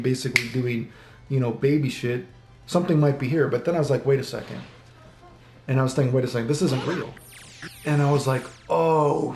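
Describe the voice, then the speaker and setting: A man giving casual commentary on a fighting game while playing, rambling, swearing often and quoting his own thoughts. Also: mid-range voice. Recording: echoey room with music behind.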